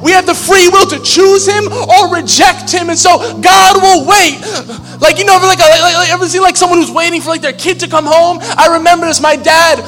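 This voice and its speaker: A high-voiced man preaches with fervor, his bright, forceful tone ringing through a large reverberant hall while soft music plays beneath. He builds phrase on phrase and climbs into shouts. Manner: impassioned, rising to shouts, repeating phrases. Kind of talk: sermon.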